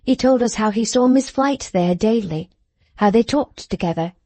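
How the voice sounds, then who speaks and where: A woman narrating a classic novel as an audiobook, in a measured, composed storytelling manner. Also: fairly high pitch, animated, warm tone, no echo.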